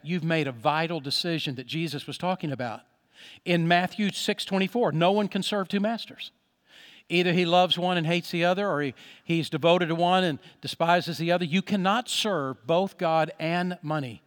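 High-voiced preacher in a reverberant hall. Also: male voice, animated. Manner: earnest preaching, slow emphatic phrases, drops soft on prayers. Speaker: pastor. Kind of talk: sermon.

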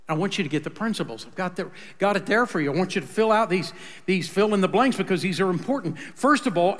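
A male pastor delivers a sermon as dramatic storytelling, dropping to a hush and then rising again. His voice is high and bright. It carries through a reverberant hall. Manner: dramatic storytelling, swings from loud to hushed.

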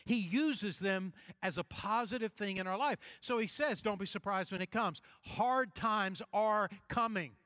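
A man pastor delivering a sermon, emphatic, repeating key phrases and slowing down to stress them. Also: high voice, a bit bright, no echo, studio quality.

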